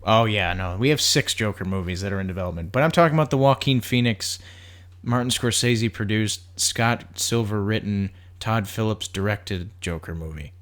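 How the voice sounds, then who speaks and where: A man's voice: fairly low pitch, moderate pace, fairly bright tone. A man co-hosting a movie podcast, chatting casually, going through film news details and saying "like" a lot. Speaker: podcast co-host.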